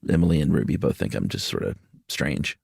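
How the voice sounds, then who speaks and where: A man's voice: a bass voice, lively intonation, brisk, creaky, darkish tone, husky, no room sound, clean studio sound. A man co-hosting a podcast in a laid-back, joking way, chatting casually. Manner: laid-back, jokey, hums little made-up songs. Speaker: podcast co-host. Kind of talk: casual chat.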